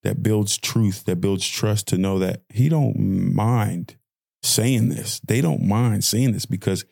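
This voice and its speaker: A man's voice: lowish voice, slow, vocal fry, a little mellow, dry recording, clean studio sound. A young man hosting a podcast, delivering an impassioned audio-diary rant with lots of repeated phrasing. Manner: impassioned ranting, repetitive phrasing. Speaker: podcast host.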